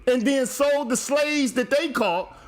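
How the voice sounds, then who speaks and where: A man's voice: very high-pitched, a little slow. A man hosting a show, delivering a heated, profane monologue and lecturing emphatically. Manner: lecturing, emphatic, swears often. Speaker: show host.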